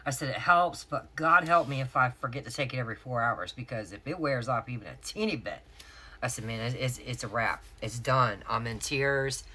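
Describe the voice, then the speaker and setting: Very low-voiced woman vlogger. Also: fairly quick, bright, forceful tone. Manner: chatty, candid, addresses viewers as y'all. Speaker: planner sticker vlogger. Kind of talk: casual storytelling to viewers.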